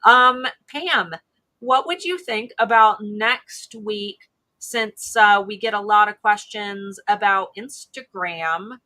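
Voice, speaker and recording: Bright-voiced chatty Ohio woman. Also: mid-range voice, takes it slowly. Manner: chatty, rambling with restarts. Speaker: co-host. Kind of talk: casual livestream chat.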